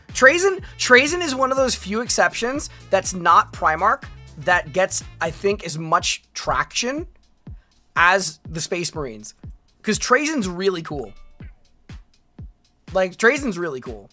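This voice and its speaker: A woman streamer chatting through a live reaction, rambling and animated, breaking into laughs and shouts. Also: mid-range voice, unhurried, soft background music. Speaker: streamer reacting to a lore video.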